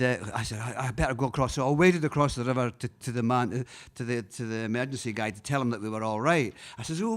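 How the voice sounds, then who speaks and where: A Scottish man, a singer-songwriter, telling a rambling, halting story between songs, chuckling often. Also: mid-range voice. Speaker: singer-songwriter introducing a song.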